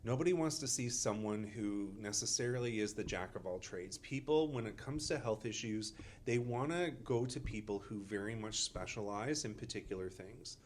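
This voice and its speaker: A man's voice: lowish voice, moderate pace, a little hiss or hum. A man, a chiropractor co-host who hedges and fills his talk with "kinda" and "you know". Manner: hedging, many fillers like "kinda" and "you know". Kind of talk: casual podcast chat.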